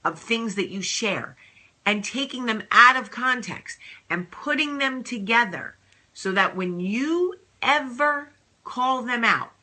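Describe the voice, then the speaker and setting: A woman hosting a casual advice vlog, talking in an animated, emphatic and sassy way. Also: a little high. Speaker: host.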